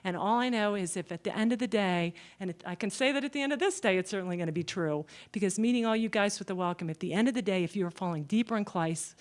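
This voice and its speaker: Woman telling a story with lively asides. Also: mid-range voice, fast, hardly any pauses. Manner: animated, folksy storytelling with frequent "okay?". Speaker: speaker at a Christian gathering. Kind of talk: storytelling talk.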